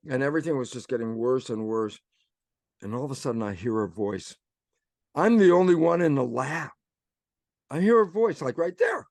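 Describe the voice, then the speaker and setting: A man's voice: mid-range voice, normal speed, vocal fry, a little mellow, no room sound, studio quality. An older man, a guest in an interview, telling personal stories animatedly and acting out inner voices. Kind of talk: storytelling interview talk.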